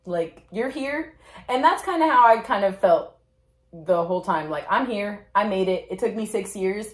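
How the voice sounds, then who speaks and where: A woman's voice: normal speed, reverberant. A young woman vlogger casually telling a story to her viewers and acting out the quoted lines. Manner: animated, acts out quotes with big pitch jumps. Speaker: vlogger recounting basic training.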